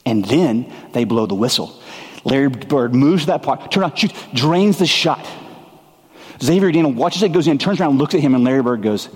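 A male pastor giving a sermon, shifting into casual, conversational storytelling with relaxed asides. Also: medium pitch, normal speed, in a large hall.

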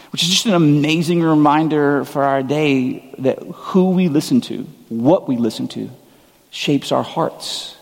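A man's voice: medium pitch, normal speed, a little mellow, in a large hall. A man preaching a sermon as pastor, conversational and earnest, often poking fun at himself. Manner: conversational, earnest, self-deprecating.

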